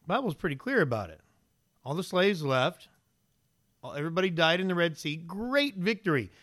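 Animated male preacher, dry close sound. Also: on the high side, fairly quick, no echo. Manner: animated storytelling, mixes in casual slang. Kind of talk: casual sermon.

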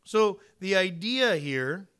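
This pastor's bright, high-pitched voice is expressive and smooth, and he preaches at a slow pace. Emphatic in his sermon, he shifts from hushed asides to loud, forceful points, painting vivid what-ifs and playing out made-up conversations.

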